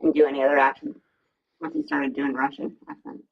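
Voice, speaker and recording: A woman chats on a live stream, halting and going back over her words. Her voice is very low and husky, and the sound is dull and lo-fi. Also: very animated. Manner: halting, restarts her sentences. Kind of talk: casual live-stream chat.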